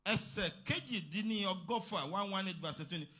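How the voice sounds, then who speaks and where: Yoruba-accented male pastor, high and bright, short bursts, sings lines. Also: expressive, fairly quick, slightly rough. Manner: preaching in bursts, breaking into chanted song. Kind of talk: Yoruba sermon with interpreter.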